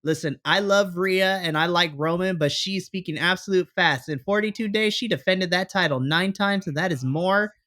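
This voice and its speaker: Talking over a wrestling show with his podcast partner, a man chats casually and with energy, acting out how he responded. His high-pitched voice has a sharp tone, and he keeps a normal speed with few pauses.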